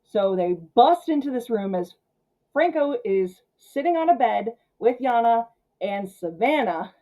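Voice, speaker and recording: A woman hosting a casual film recap, chatty and full of filler words, who acts out the characters' lines in quick paraphrase. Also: on the high side, animated, phone-quality sound. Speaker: film channel host.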